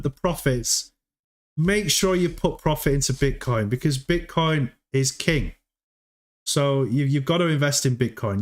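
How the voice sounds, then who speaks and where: Chatty male livestream host. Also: on the high side. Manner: chatty, repeats words, laughs often. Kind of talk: casual livestream chat.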